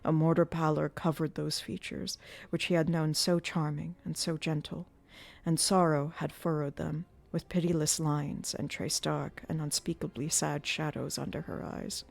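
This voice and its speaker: A woman narrating a classic novel aloud in a measured, dramatic reading style during a live stream. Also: low-pitched, flat delivery, gravelly, darkish tone. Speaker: audiobook reader.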